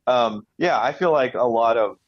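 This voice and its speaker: Man, podcast co-host, casual rambling chat, fairly low pitch, slightly muffled sound. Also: measured pace, no echo. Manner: rambling, with many restarts and fillers.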